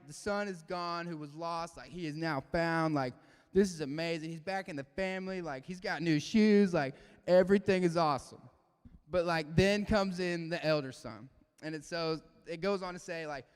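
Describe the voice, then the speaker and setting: A young man giving a casual youth devotional talk, animated and full of "like" fillers. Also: fairly high pitch, normal speed, clear, resonant tone. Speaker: youth speaker. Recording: long hall reverb.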